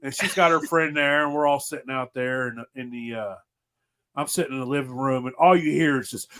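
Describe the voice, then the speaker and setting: A man's voice: on the high side, expressive, fairly quick, a bit bright. A man, hosting a podcast and telling rambling, profane stories in casual chat. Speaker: podcast host.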